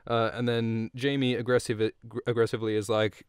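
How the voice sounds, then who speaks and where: A man's voice: mid-range voice, level tone, normal speed, hardly any pauses, smooth, no echo, clean studio sound. A man hosting a podcast, recapping a book in a rambling, profane, casual way with chuckling asides. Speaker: podcast host.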